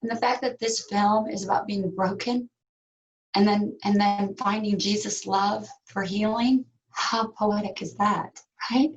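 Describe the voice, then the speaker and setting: A woman speaks in a heartfelt, reflective way as an interview guest, pausing and searching for words. Her voice sits in a middle range, and the audio sounds a little dull and lo-fi. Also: mid-range voice, fairly even intonation. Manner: heartfelt, reflective, with fillers and pauses. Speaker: actress guest. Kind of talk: interview conversation.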